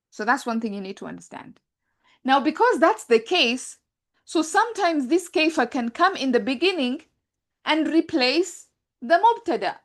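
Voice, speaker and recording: Female grammar teacher, slightly high voice, explanatory classroom delivery with frequent self-corrections. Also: a bit bright. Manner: repeats points, often corrects herself mid-sentence.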